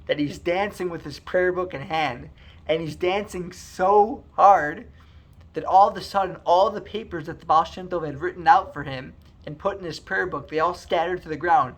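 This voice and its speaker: Animated male storyteller, slightly high voice. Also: normal speed. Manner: animated, acts out dialogue with many restarts. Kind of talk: storytelling narration.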